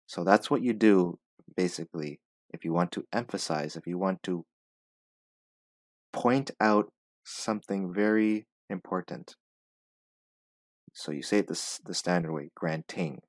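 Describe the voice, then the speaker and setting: A man's voice: low voice, a little slow, long pauses, no room sound. A man reading a passage aloud as an English pronunciation teacher, stopping to repeat words and explain how to say them.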